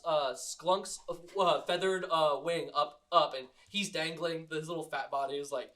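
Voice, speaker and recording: An animated game master narrates a homebrew tabletop session, laughing often and tripping over fillers as he goes. His voice sits a bit high for a man and carries a bright, forceful edge. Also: a little slow.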